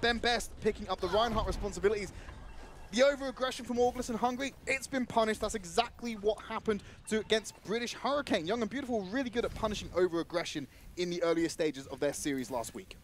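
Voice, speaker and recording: A man giving live play-by-play commentary on a competitive video game match, excitable and breaking into shouts at the big plays. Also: high voice, quick pace, a little hiss or hum. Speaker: esports commentator.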